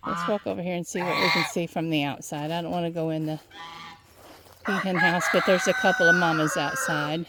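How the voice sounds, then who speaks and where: A woman vlogging around her farm's poultry pens outdoors, chatting casually and cooing softly at her birds. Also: lowish voice, fairly even intonation, a little fast, heavy background noise. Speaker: farm vlogger. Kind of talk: casual farm vlog chat. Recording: loud clucking and honking fowl.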